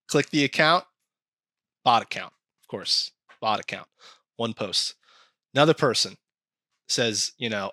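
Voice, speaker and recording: A man chatting casually on a podcast, animated and swearing often as he acts out quoted comments. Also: medium pitch, measured pace, long pauses, dry recording, studio quality. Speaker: podcast co-host.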